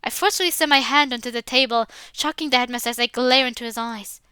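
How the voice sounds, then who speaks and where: A woman's voice: a little high, fast talker, pushed and bright, clear, resonant tone, dry recording. A woman reading a visual novel aloud in the first person, adding casual asides with filler words.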